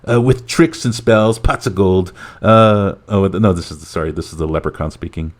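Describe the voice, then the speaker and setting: A man hosting a casual movie podcast. His voice sits a little low and he talks in a relaxed, meandering way. Fillers pepper his sentences as he narrates and chats. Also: normal speed. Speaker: podcast host.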